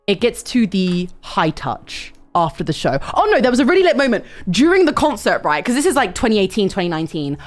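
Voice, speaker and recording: A young woman, telling a story to her stream in a loud, animated way, with swearing and sudden shouts. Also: medium pitch, fairly quick, few pauses. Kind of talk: casual storytelling chat.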